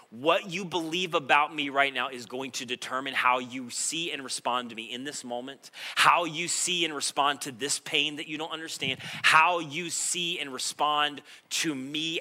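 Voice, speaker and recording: A male pastor preaching a sermon, moving between quiet reflective passages and loud, impassioned stretches. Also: mid-range voice.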